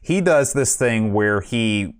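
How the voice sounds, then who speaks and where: A man's voice: animated, slow pace, clear, resonant tone. A man hosting a casual podcast, rambling and self-mocking as he thanks supporters. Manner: rambling and self-mocking, sings patron names in a high put-on voice. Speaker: podcast host. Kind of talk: casual podcast chat, singing a list of names.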